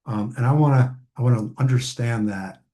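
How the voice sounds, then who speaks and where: A man giving a relaxed, conversational training lecture on family therapy, with many ums and restarts and brief acted-out parent quotes. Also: mid-range voice, normal speed.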